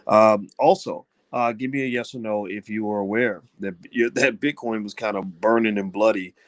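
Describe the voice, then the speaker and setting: A man's voice: fairly low pitch, fairly even intonation, normal speed, dry recording. A middle-aged man giving blunt, conversational commentary on finance to his viewers. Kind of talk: live-stream talk to viewers.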